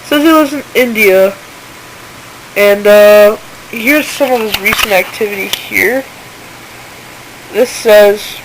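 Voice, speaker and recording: A woman's voice: medium pitch, slow, long pauses, slight background noise, low-quality recording. A woman in casual screen-recording commentary who talks informally and indignantly and reads messages aloud. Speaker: channel owner exposing a seller.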